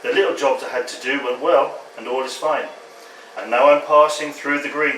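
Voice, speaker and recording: A man reads his poems at an open mic with a wry, deadpan touch. His voice sits mid-pitched, caught from afar in a reverberant pub with background noise. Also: moderate pace, far from the mic. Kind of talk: poetry reading. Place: pub function room.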